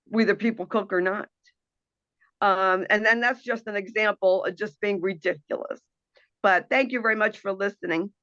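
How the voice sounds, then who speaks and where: A woman's voice: medium pitch, pushed and bright, no echo, dull audio. A woman hosting an internet radio talk show, speaking in an earnest, emotional and impassioned monologue over a video call.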